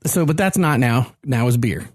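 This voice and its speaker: A man's voice: mid-range voice, lively intonation, normal speed, dry recording, clean studio sound. A man hosting a casual podcast with friends, joking and playful. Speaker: podcast host. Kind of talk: casual chat.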